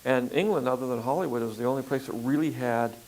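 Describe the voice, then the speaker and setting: An older man filmmaker in a relaxed interview conversation, talking in a rambling way with frequent fillers and restarts. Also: medium pitch, fast talker, slight background noise, rough recording. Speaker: filmmaker guest.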